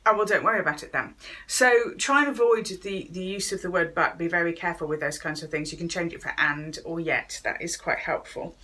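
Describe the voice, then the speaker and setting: A woman's voice: on the low side, fairly quick, few pauses, sharp tone. A woman giving a chatty talk on workplace wellness, speaking straight to viewers and acting out quoted voices along the way. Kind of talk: direct-to-camera talk to viewers.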